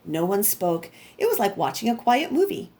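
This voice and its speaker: A woman reading a picture book aloud to children, expressive and lively, talking straight to the kids as a teacher. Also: medium pitch, moderate pace.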